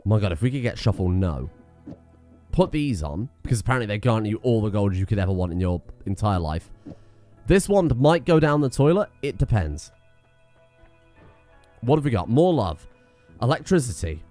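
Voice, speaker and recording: A man's voice: lowish voice, sing-song, normal speed, long pauses, mellow, faint music behind. A man giving casual let's-play commentary, rambling, self-mocking and swearing freely as he plays. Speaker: gaming streamer.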